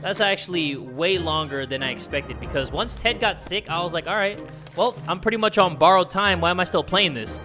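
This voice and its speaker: Excitable young man yelling at a game. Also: high-pitched, fairly quick, soft background music. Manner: loud, excitable, yells and swears at the game; reads game text aloud in a narrating voice. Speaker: gaming YouTuber. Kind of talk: let's play commentary.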